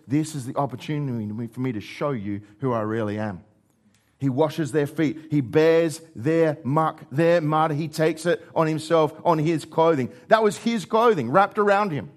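A middle-aged man preaching a sermon, acting out dialogue with rises and drops in pitch and volume. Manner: animated, acts out dialogue with shifting pitch and volume.

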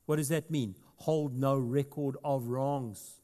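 A South African man preaches to his congregation in an easy, conversational way that swells into emphatic stretches. His voice sits at an ordinary middle pitch. A long reverb trails behind him from the hall. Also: fairly even intonation, takes it slowly, mellow. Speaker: pastor. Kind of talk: sermon.

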